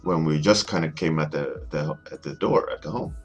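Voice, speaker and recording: A man in his thirties, an artist chatting casually as he works, rambling and halting with many restarts. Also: extremely low pitch, breathy edge, dull audio, faint music behind. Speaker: artist streaming a warmup session. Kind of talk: casual storytelling while working.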